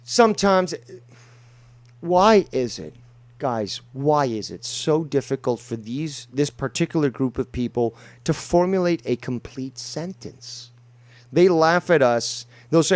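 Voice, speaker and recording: A man's voice: on the high side, expressive, unhurried. A man co-hosting a livestream over an online call, lecturing and ranting in a contemptuous, profane way. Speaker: co-host.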